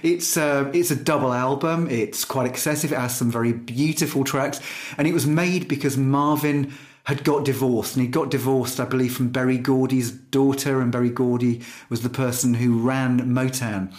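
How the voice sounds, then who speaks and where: Thoughtful man, middle pitch. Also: fairly even intonation, normal speed, a little mellow. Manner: thoughtful, hesitant, lots of "um". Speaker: podcast co-host. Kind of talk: casual music chat.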